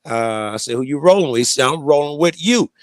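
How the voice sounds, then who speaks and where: A man's voice: a little high, animated, fairly quick, no room sound. Rambling, cursing man telling a story. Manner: rambling, profane, many fillers and restarts. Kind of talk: casual storytelling.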